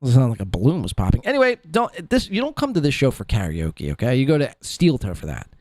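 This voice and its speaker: A man's voice: medium pitch, wildly swooping pitch, quick pace, a little mellow, no room sound, clean studio sound. A man hosting a podcast in a casual, crude, mocking way, swearing freely. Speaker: podcast host.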